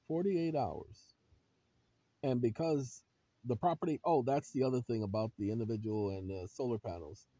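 A man hosting his own channel, giving emphatic vlog commentary and firing rhetorical questions at viewers he calls ladies and gentlemen. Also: mid-range voice, moderate pace, no room sound. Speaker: channel host.

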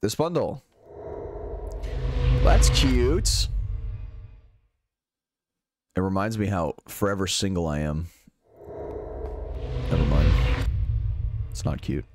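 A man's voice: sits low, measured pace, pauses often, loud music behind the voice. A young man streaming live, casually chatting and answering viewers' chat questions while swearing freely.

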